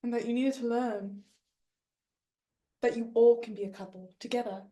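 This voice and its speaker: A woman doing a calm, wise old lady ghost. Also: on the high side, normal speed, close to an everyday voice. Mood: tender. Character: gentle, wise elderly female ghost. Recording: roomy echo.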